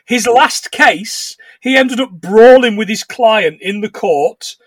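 A man co-hosting a casual podcast chat, giggling as he retells scenes and slips into quick silly voices. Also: high voice, breathy edge, no room sound, distant mic. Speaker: podcast co-host.

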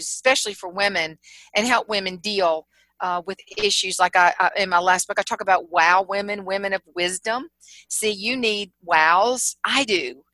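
A middle-aged woman with a Southern accent from South Carolina, a humorist guest telling lively stories in a casual interview and laughing often. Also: medium pitch, no echo, rough recording. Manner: storytelling, animated, laughs often.

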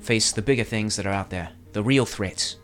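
Man, game master, low voice, easygoing narration, faint music behind. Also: normal speed. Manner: lively, easygoing.

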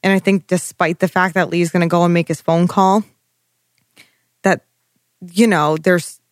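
A woman's voice: fairly low pitch, fairly even intonation, a little slow, dry recording, studio quality. Chatty woman gushing about a show. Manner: chatty and emphatic, filler 'like', profane jokes. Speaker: podcast co-host. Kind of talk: casual recap chat.

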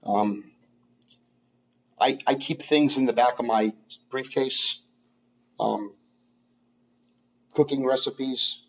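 A man who is a comedian guest, telling stories in a casual interview, halting and restarting often. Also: medium pitch, gravelly, slightly rough, rough recording. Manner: halting, many restarts and fillers.

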